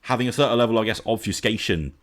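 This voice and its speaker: A podcast host chats casually and animatedly about an album in a loose review, full of fillers and restarts. He talks very fast in a lowish voice.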